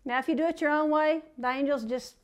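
A woman's voice: sits high, steady tone, fast talker. A woman preaching a sermon, reading scripture aloud and breaking off into folksy, plain-spoken asides.

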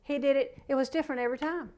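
A woman's voice: high-pitched, steady tone, rapid-fire, darkish tone. A woman preaching a sermon, reading scripture aloud and breaking off into folksy, plain-spoken asides.

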